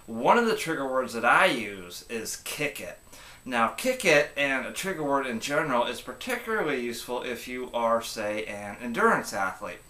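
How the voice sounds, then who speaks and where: A man's voice: medium pitch, expressive, moderate pace, pushed and bright, reverberant. A man coaching viewers in a motivational tip video, speaking emphatically and repeating key phrases.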